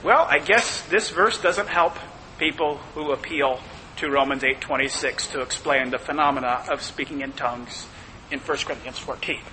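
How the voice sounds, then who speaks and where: A man's voice: mid-range voice, normal speed, pushed and bright. A man preaching a sermon, emphatic and full of rhetorical questions. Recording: long hall reverb, faint noise.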